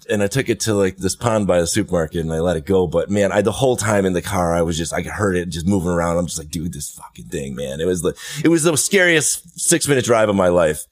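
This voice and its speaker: A man hosting a podcast, telling stories in a loose, animated way and swearing casually. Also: on the low side. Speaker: podcast host. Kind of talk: casual chat.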